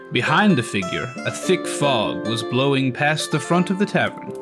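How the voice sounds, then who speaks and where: Man, scripted dramatic narration, fantasy intro, guitar music behind. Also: medium pitch.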